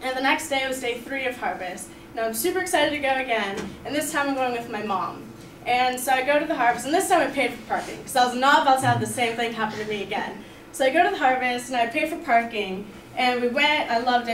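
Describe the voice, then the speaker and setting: A young woman, a student storyteller, tells a class a personal story in an upbeat, chatty way, using lots of "like" and "you know." Her voice is a little high and fast. The room is echoey, she's far from the mic, and there's faint background noise.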